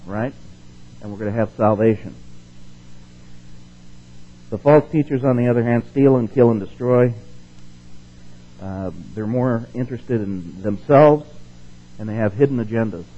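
A man teaching a Bible passage in a relaxed, conversational way. He asks the listeners questions, checks in with them often, and slows down and speaks louder when he reads the verses. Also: medium pitch, dull audio. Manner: slows down and rises in force to stress the scripture he reads. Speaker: preacher.

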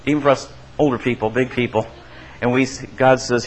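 A man preaches a sermon as a pastor, brisk and with fairly even intonation, though the audio is poor. He talks conversationally, keeps asking the congregation "right?", and dramatizes quoted voices through shifts in pitch and loudness.

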